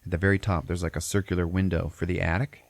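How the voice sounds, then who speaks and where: A podcast host recapping a film in a loose, rambling way, cursing freely as he goes. His voice is very low and gravelly, and the recording is dry and close. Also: flat delivery, quick pace, no echo. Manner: profane, rambling storyteller. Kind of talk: casual movie recap.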